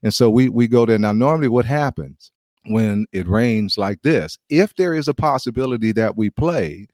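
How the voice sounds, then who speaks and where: A middle-aged American man, a former baseball player, telling a lively testimony story with restarts and chuckles. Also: lowish voice, moderate pace, no room sound, studio quality. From United States.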